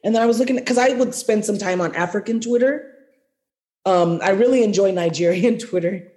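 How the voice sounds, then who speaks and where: A woman co-hosting a podcast in loose, rambling chat. She laughs often and lets her sentences wander. Her voice sits at a middle pitch. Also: a little fast, dark tone. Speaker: podcast co-host. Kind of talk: casual political chat.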